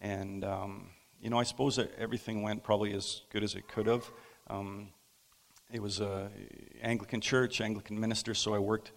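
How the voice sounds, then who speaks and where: Male pastor, gravelly voice, halting storyteller with pauses, sermon in a reverberant church. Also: fairly low pitch, level tone, slight background noise. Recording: long hall reverb.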